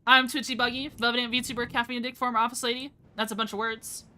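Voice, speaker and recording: A woman's voice: on the high side, level tone, quick pace, pushed and bright. A young woman streaming a game, chatting casually and rambling from topic to topic, laughing often. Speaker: VTuber streamer. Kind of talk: casual live-stream chat.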